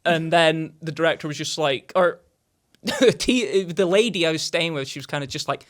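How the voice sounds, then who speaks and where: A young man with a notably high-pitched voice tells a long story as a podcast guest. He rambles, stacks up fillers and gets animated as the tale builds. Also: moderate pace. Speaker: podcast guest, indie filmmaker. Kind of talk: casual anecdote telling.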